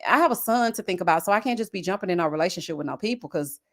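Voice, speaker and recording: A woman who hosts a live-stream reality-TV review, talking in a sassy, animated, gossipy way. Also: lowish voice, rapid-fire. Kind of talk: casual live-stream commentary.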